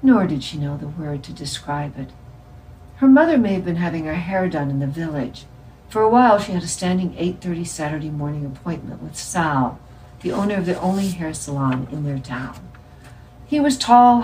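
A woman reading a novel aloud in a measured, expressive way. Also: sits low, recorded from a distance, a little hiss or hum, low-quality recording. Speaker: reader.

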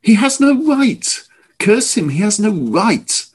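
A man's voice: a little high, big pitch swings, moderate pace, darkish tone, husky, voice pushed up, exaggerated voice. A man doing a defiant young man, intense and urgent. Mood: angry. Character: young man, proud, defiant, quick to anger.

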